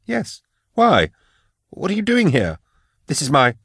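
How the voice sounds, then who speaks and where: A man's voice: on the low side, big pitch swings, normal speed, dry recording, studio quality. A man voicing a meek, frightened middle-aged male scholar in an audiobook, with a thin, reedy, nervous voice. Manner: nervous, pleading. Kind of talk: audiobook character voice.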